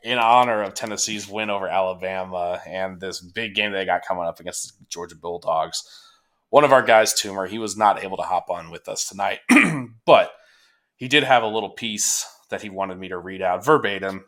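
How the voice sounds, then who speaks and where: A man hosting a podcast, chatting casually about sports in a relaxed, laid-back way, with lots of fillers and the odd curse word. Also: sits low, moderate pace. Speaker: podcast host.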